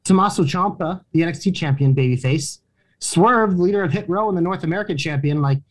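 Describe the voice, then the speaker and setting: A man's voice: fairly high pitch, a little fast. Casual podcast host man.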